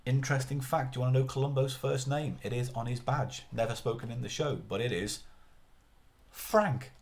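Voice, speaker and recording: A man's voice: mid-range voice, steady tone, quick pace, a little mellow. A man chatting casually on a live stream, rambling and often interrupting himself mid-sentence.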